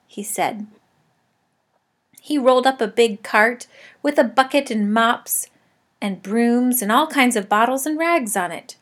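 A woman reading a children's storybook aloud in the first person. Her voice sits a little high, and her delivery is lively and expressive, built for young listeners. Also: measured pace, pauses often. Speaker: audiobook narrator.

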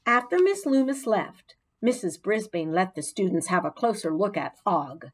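Expressive woman reading a children's book. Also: mid-range voice, husky. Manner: expressive, unhurried storytelling with character voices. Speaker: audiobook narrator. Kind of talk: children's audiobook narration.

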